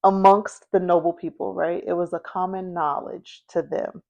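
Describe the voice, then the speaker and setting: A woman's voice: lowish voice, little pitch movement, normal speed, gravelly, darkish tone, highs cut off. A woman hosting a history podcast, telling the story in a chatty, casual way, full of fillers and checking in with her listeners. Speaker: podcast host.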